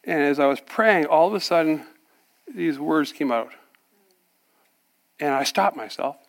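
Animated man telling a personal testimony. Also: on the high side, a little slow. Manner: animated storyteller, acts out dialogue, laughs often. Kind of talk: sermon testimony.

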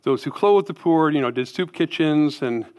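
A man's voice: on the high side, lively intonation, normal speed, darkish tone. A man preaching a sermon as pastor, emphatic, asking rhetorical questions and tagging lines with "right?".

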